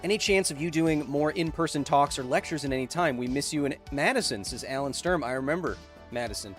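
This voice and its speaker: A man hosting a science livestream, chatting casually and reading out viewer donations in an upbeat, joking way with bursts of excitement. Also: a little high, fairly quick, faint music behind. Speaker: science YouTuber host.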